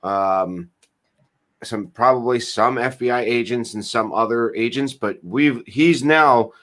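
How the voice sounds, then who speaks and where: A man with a middle-pitched voice takes part in a casual group chat. He explains slowly, often pausing to search for words. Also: fairly bright tone.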